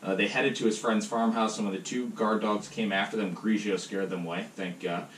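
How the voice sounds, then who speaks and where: Man, podcast co-host, low voice, rambling and casual, far from mic in an echoey room. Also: fairly even intonation, a little fast. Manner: rambling, many fillers like "um" and "like". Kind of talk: casual podcast chat, retelling a story. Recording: roomy, distant mic, faint noise.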